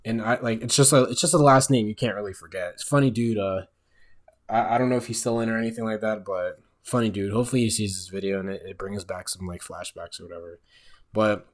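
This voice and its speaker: A man's voice: lowish voice, quick pace. Laid-back young man telling a story. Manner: laid-back, profane, keeps checking in with "all right?". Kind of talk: casual storytime monologue. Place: at home. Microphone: own microphone, speaking quietly late at night.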